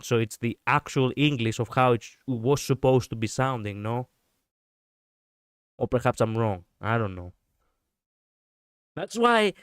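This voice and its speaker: Male VTuber streamer, casual and chatty, smooth clear voice, dry close mic. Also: medium pitch, no room sound. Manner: rambling, chatty, laughs often, self-correcting. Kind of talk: casual livestream chat reading viewers.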